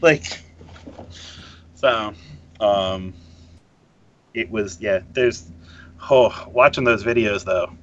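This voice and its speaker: Excitable, bright-voiced podcast co-host man. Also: mid-range voice, dull audio. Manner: rambling, excitable, laughs often. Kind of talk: casual chat.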